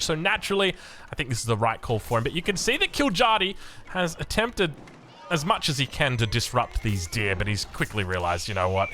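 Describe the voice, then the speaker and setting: An Australian man casts a strategy match in a loose, chatty way and drifts into casual asides. His pitch swings up and down as he talks, on a middling voice. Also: fairly bright tone. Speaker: game caster and coach. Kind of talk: casual game commentary.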